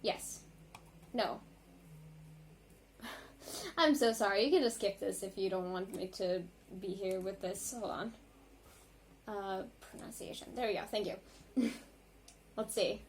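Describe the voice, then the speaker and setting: A woman vlogger reacting to music in a casual, rambling chat, full of ums and likes and quick apologies. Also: mid-range voice, slight background noise.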